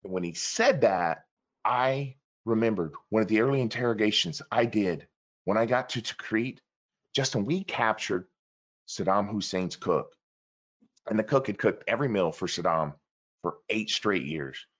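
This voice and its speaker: Lower-voiced man, animated storyteller. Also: normal speed. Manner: animated, acts out quoted dialogue with big shifts in pitch and loudness. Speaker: former interrogator telling his story. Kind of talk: storytelling in a conversational interview.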